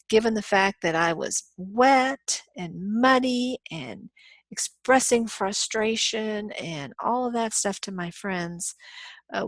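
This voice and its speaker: A woman's voice: mid-range voice, no echo. Dry-voiced woman lecturing on business law. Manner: explains with acted-out scenarios and frequent "um"s. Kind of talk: recorded lecture.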